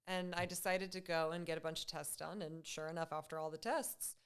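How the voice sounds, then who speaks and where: Female podcast guest in her thirties, lowish smooth voice, upbeat and conversational. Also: steady tone, a little fast. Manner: chatty and upbeat, laughs often. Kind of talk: casual interview chat.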